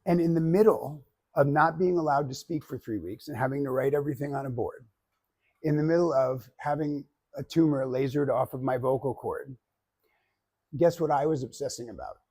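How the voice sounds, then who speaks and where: A man teaching public speaking, giving an animated, joking demonstration speech straight to his class. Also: mid-range voice, moderate pace, husky. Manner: animated and joking, addressing the audience directly.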